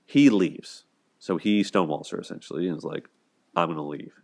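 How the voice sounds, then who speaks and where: A man's voice: low-pitched, animated, brisk, gravelly, a little mellow. A man casually talking through a TV relationship, full of fillers, paraphrasing scenes in a lightly acted tone. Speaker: video commentator. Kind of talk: casual commentary on a TV show.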